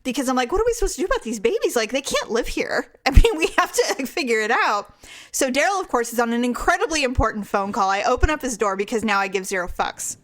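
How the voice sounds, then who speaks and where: A woman's voice: a little high, fast. A woman co-hosting a podcast, telling a story in casual chat and acting out the voices and sounds in it. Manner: animated storyteller, acts out quotes and animal sounds. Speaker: podcast co-host.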